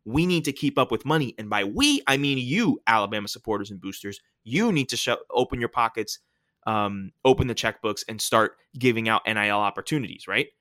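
A man's voice: lowish voice, expressive, fairly quick, sharp tone, dry recording, studio quality. A man hosting a casual sports talk show, explaining his points emphatically and often checking in with "right?".

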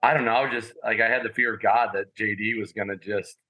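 A man on a podcast telling stories about his college sports days in a rambling, animated way with lots of fillers. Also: fairly low pitch, fast talker, rough recording. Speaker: podcast guest, former college walk-on athlete. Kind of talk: casual storytelling.

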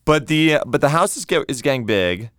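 A man's voice: mid-range voice, lively intonation, a little fast, a bit bright, no echo, studio quality. A man hosting a podcast, chatting easily and encouragingly with his guest, with playful asides. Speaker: podcast host. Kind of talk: casual interview chat.

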